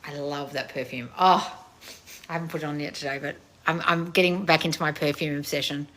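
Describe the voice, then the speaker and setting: A woman in her thirties, a channel host reading viewer comments in a loud, blunt, casual way and swearing freely. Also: low-pitched, steady tone, brisk. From family of Croatian heritage. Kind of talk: casual live chat.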